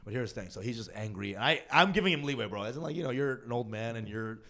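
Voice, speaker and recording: Animated young man telling a comic story. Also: mid-range voice, fast talker. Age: young adult. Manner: animated, acts out quoted family members, laughs often. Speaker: podcast co-host. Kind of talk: comedic storytelling.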